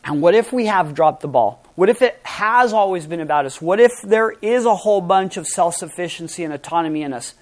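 A middle-aged man preaching a sermon as pastor, emphatic and animated, his voice swinging from loud to soft. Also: sits high, a little fast, few pauses.

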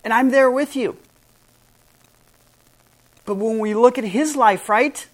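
A woman's voice: fairly high pitch, slow. A woman pastor preaching a sermon in an earnest, emphatic way, stressing and spelling out key words.

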